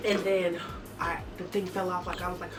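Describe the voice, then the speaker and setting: Young woman vlogger, low-ish voice, joking storytime, squeaky impressions, mic set back from her. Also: brisk. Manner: animated, jokey, with squeaky high voices for quoted people. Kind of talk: casual storytime chat. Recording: far from the mic with clear background music.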